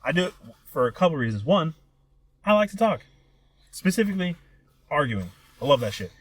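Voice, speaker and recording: A man's voice: fairly high pitch, very animated, brisk, fairly bright tone, slightly rough. Rambling, cussing young podcast guy. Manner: rambling, profane, self-interrupting storyteller. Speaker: podcast co-host. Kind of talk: casual chat.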